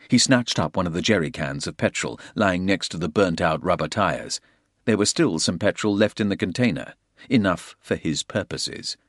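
Low-voiced man narrating a gritty thriller. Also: dry recording, studio quality. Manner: gritty, dramatic storytelling. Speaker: audiobook narrator.

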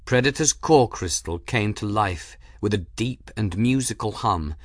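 A man narrating an audiobook chapter in a measured, dramatic storytelling manner, close to the mic. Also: lowish voice, animated, dry recording. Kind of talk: scripted narration.

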